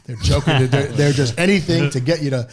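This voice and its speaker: Fast-talking man telling coaching stories. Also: mid-range voice, a crowd in the background. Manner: rambling anecdotes, acts out quoted dialogue. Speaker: interview guest, football coach. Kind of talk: storytelling in a podcast interview.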